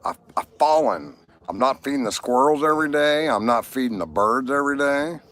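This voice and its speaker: A man's voice: medium pitch, brisk, a bit bright. A man hosting a casual livestream, chatting with viewers and telling jokes. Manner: chatty, jokey, talks to viewers. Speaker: livestream host.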